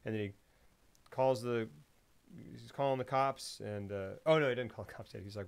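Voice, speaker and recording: A man with a voice of middle pitch, talking casually about a film. He retells the scenes with animation, making sound effects and acting out the characters. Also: moderate pace, vocal fry, smooth. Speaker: podcast host.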